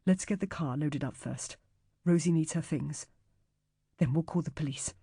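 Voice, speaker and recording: A woman's voice: low-pitched, moderate pace, dark tone, slightly rough, no room sound, studio quality. A woman voicing a clipped, worried young father. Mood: curt. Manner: blunt, clipped.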